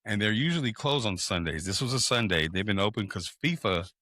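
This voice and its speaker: A man's voice: on the low side, brisk, no echo, studio quality. A man telling a long story on a podcast, swearing freely and acting out what people said. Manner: animated, profane, acts out quoted people. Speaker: podcast co-host. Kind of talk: casual storytelling chat.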